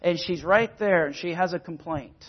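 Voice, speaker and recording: A man's voice: a little high, normal speed, lo-fi sound. A man preaching a sermon, earnest and emphatic, sometimes repeating words as he explains scripture. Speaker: pastor.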